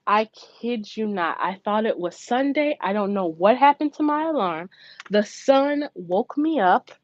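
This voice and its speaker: A budgeting vlogger and mother tells a long, casual story to camera about her morning, animated and chatty, swearing freely and acting out what others said in a raised pitch. She speaks a little slowly with no room sound, and the recording is dull and lo-fi with faint noise.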